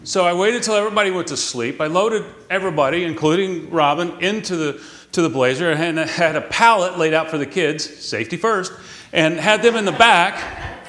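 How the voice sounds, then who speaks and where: A middle-aged man from Texas preaches a sermon in a high voice. He tells folksy stories and slows down on key words for emphasis. The sound is roomy, like a church sanctuary. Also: a bit bright. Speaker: pastor.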